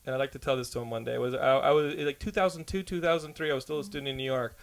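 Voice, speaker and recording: A man hosting a podcast in casual chat, excitable and rambling, swearing freely. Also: medium pitch, rapid-fire, creaky. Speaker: podcast host.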